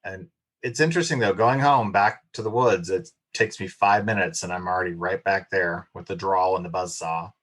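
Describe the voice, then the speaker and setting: A man from Oklahoma talks casually as a podcast guest. His voice sits low, and he tells his stories in an easy, chatty way. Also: normal speed, fairly bright tone. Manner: chatty storyteller, puts on a rural drawl in quotes. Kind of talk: casual chat.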